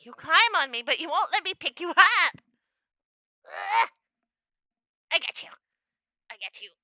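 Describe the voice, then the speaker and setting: A high, very bright young woman's voice that leaps all over its range. She rambles chattily on her home stream, laughing often and acting out her own quotes. The sound is dry and close. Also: lively intonation, a little slow, no echo. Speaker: livestreamer. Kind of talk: casual livestream chat. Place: home room.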